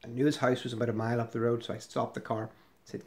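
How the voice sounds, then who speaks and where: A man's voice: medium pitch, little pitch movement, rapid-fire. A middle-aged man giving casual, sarcastic commentary as he scrolls through a website, rambling with fillers and restarts. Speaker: ex-member commentator.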